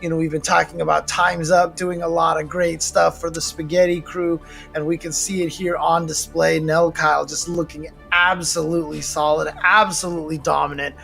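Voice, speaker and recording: An American esports commentator talks in a chatty, relaxed way. His voice has a gravelly, creaky texture. Faint music plays behind him. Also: fairly high pitch, normal speed. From United States. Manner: relaxed, chatty, many fillers. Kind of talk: casual commentary.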